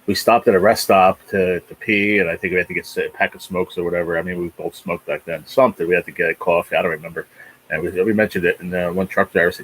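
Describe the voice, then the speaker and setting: A man's voice: deep voice, flat delivery, fast talker, a bit bright, breathy edge, poor audio. A man in his forties from New Jersey, hosting a rambling, profane livestream chat with viewers. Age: 40s. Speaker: livestream host. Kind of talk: casual chat reading viewer comments.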